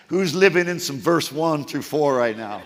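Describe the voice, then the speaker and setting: A man preaching a sermon as pastor, swinging from loud, emphatic outbursts to hushed, quiet passages. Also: fairly high pitch, long reverb tail.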